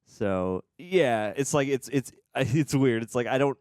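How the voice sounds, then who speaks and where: A man's voice: medium pitch, lively intonation, measured pace, darkish tone, smooth, no room sound, clean studio sound. A man co-hosting a TV reaction show, chatting casually and rambling with lots of filler words and restarts. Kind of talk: casual review chat.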